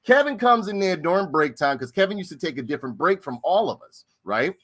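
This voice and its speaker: Man, middle-aged, casual storyteller, lively swooping voice, fairly high, profane, repeats himself. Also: a little fast.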